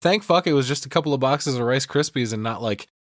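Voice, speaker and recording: A man's voice: medium pitch, expressive, quick pace, a bit bright, no room sound, studio quality. A man hosting a podcast, casually and profanely breaking down a film scene by scene. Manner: profane, retells scenes with mimicked lines. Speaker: podcast host.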